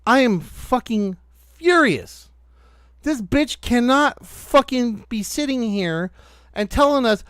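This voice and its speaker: High, smooth-voiced man ranting profanely. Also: lively intonation, a bit bright, no room sound, studio quality. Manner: angry, profane, rapid-fire ranting. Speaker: podcast host reacting to clips.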